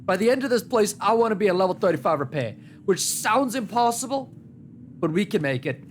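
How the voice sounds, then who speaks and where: A man's voice: fairly quick, a little hiss or hum. A man streaming a game live, talking through it with joking trash talk. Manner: animated, joking trash talk at enemies, big pitch swings. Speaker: gaming streamer. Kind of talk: live gameplay commentary.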